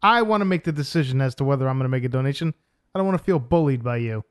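A man co-hosting a casual podcast chat, teasing his co-host with quick jokes. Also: medium pitch, animated, clear, resonant tone, no room sound, clean studio sound.

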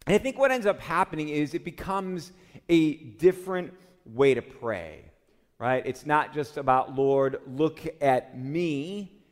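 A male pastor from the Chicago area delivers a sermon in a church sanctuary, his voice sitting somewhat high for a man. He speaks earnestly and keeps turning his teaching into heartfelt prayers to the Lord, and the room lingers on each phrase with a long reverb. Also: lively intonation, moderate pace. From Chicago area, USA. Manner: earnest, steps into quoted prayers addressing the Lord. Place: church sanctuary during a communion service.

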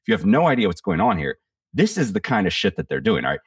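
A man with an extremely low voice delivers casual, profane political commentary on a podcast. He rambles, restarts his sentences often and talks bluntly. He sits back from the mic in a dry, dead-sounding room. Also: big pitch swings, fast, breathy edge, dry recording, recorded from a distance.

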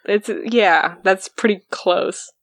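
A woman from Canada, a podcast guest chatting casually, relaxed and hesitant with fillers. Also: mid-range voice, slow pace, no echo. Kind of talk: casual chat.

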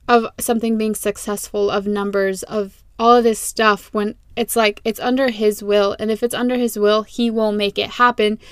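Chatty young woman, smooth dry voice. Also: fairly high pitch, no echo. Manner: chatty, animated, repeats phrases, laughs at herself. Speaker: podcast host. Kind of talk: casual faith podcast monologue. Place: small closet. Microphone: close podcast mic.

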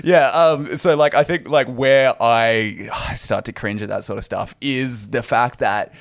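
A young man chatting on a podcast, making wry quick quips. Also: medium pitch, creaky, no room sound, clean studio sound. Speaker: podcast co-host. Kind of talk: casual chat.

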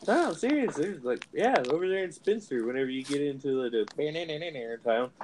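A man's voice: a little high, animated, moderate pace, darkish tone, a little hiss or hum. A man with a northern US accent co-hosting a casual podcast chat, rambling and swearing casually. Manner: easygoing, rambling, profane. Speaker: podcast co-host.

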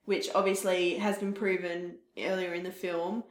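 A woman's voice: lowish voice, flat delivery, normal speed, reverberant. A woman co-hosting a podcast, chatting casually about a film and laughing readily. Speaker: podcast co-host.

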